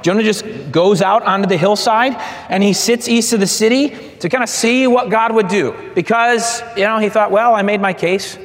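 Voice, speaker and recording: A pastor with a high voice delivers a sermon in a large hall, its reverb trailing each phrase. Speaking at normal speed, he is animated, throws himself into every quoted line and swings between loud and hushed.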